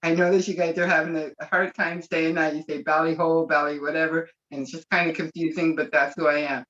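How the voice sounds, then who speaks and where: A woman's voice: sits low, little pitch movement, a little fast, fairly bright tone. A woman speaking on a video call, rambling and gushing with emotion. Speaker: webinar participant. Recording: dull lo-fi call audio.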